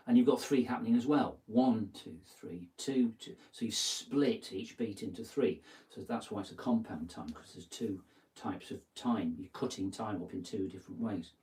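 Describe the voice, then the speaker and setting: A man giving a relaxed guitar lesson, thinking aloud and counting out beats as he plays. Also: on the low side, moderate pace, hardly any pauses. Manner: thinking aloud, counts beats and sings lyric snippets while playing. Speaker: guitar teacher. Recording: distant mic with guitar playing.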